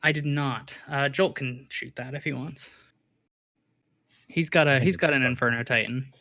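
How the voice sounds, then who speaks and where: A man's voice: medium pitch, fairly even intonation, moderate pace, pushed and bright, dry recording, studio quality. A laid-back man in a casual online card game chat, poking fun at himself with small chuckles. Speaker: commander player.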